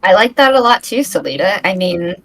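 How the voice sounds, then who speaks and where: A woman playing a poised bachelorette, reading out questions in a measured way. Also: medium pitch, lively intonation, fairly bright tone, rough recording. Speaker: contestant. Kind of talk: comedic improvised dating game.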